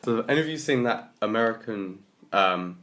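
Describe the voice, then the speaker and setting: A man's voice: lowish voice, expressive, a little fast, fairly bright tone. A young man, co-hosting a casual podcast and asking the others questions in a chatty way. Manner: chatty, laughs while telling. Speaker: podcast co-host. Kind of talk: casual chat.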